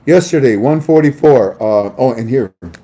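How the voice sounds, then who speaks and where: An animated man hosts a casual monologue, his pitch swinging widely as he tells his story. His voice is mellow and dark. He laughs often and slips into acted-out voices. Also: normal speed. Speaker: host.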